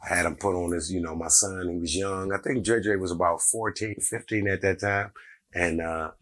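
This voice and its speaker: A middle-aged man, a comedian, telling a story in a casual, animated way and acting out the people in it. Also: sits low, normal speed. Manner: animated, acts out every character in the story.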